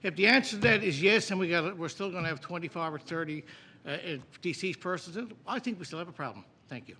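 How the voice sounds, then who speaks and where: A man, an opposition member in a committee debate, talking indignantly and slowing down to stress his words. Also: high-pitched, sharp tone. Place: legislative chamber.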